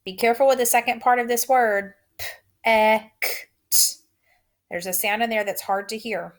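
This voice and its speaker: A woman teacher giving a recorded phonics lesson, saying each word twice in slow, drawn-out dictation. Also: fairly high pitch.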